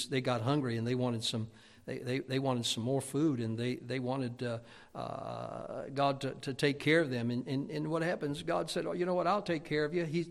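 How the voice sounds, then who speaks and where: A man's voice: mid-range voice, vocal fry. A man preaching a sermon, telling folksy stories and asking for amens. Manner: folksy storytelling, calls of amen.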